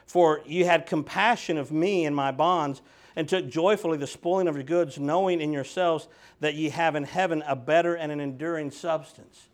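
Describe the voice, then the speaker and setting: A middle-aged preacher with a drawl and a high-set voice delivers a sermon. He drops to quiet, close talk, then climbs into loud, fervent emphasis, and his delivery stays animated throughout. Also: normal speed.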